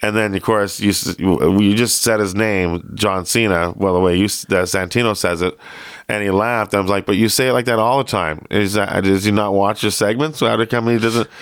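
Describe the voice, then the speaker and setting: A chatty man hosts a relaxed conversation in a deepish, smooth voice. The sound is dry and close. He gets animated and laughs easily. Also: brisk, no room sound. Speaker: podcast host. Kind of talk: casual interview chat.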